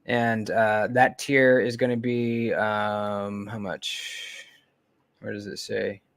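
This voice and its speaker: A man hosting a casual livestream, talking in a relaxed, rambling way with frequent pauses, fillers and trailing-off remarks, close to a desk mic. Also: lowish voice, clean tone. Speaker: knife channel host.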